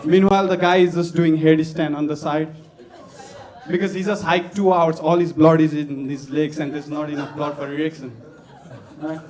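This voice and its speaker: A man's voice: a little high, steady tone, moderate pace, darkish tone. A man doing crude, raunchy stand-up at an open-mic night in slightly broken English. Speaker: stand-up comedian. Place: comedy club stage with audience. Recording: live club sound with crowd.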